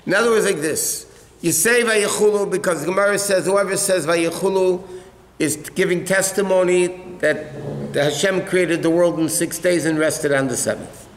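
A man's voice: sits high, moderate pace, a little hiss or hum. Man lecturing in an echoey hall. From United States. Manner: explanatory, conversational, answers questions from the room. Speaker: rabbi teaching a class. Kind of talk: halacha class lecture.

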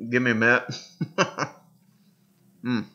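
A man hosts a game let's-play, drawling slowly and rambling with self-amused asides while he munches candy. His voice sounds bright and forward. The sound is muffled and lo-fi, with faint music underneath. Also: medium pitch, fairly even intonation. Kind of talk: casual gameplay commentary.

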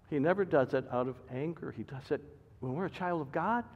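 An older man preaches in a high, lively voice that leaps from soft asides to loud emphatic bursts. The recording is muffled and carries a long church echo. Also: fairly quick. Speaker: pastor. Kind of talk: sermon. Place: church sanctuary. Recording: dull reverberant church recording.

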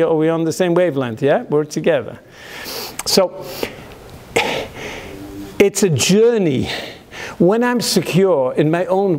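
Male rabbi, high voice, dramatic preacher who acts out inner voices. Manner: dramatic, swings between hushed and loud, acts out inner voices. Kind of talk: sermon.

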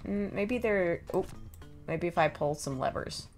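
A woman talks through a video game as she plays, chatty and prone to laughter. Her delivery is slow and leisurely, her voice has a gravelly texture, and her pitch swings up and down freely. Soft music plays behind her. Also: lively intonation. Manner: chatty, thinks aloud, laughs often. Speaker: gameplay streamer. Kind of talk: casual gameplay commentary.

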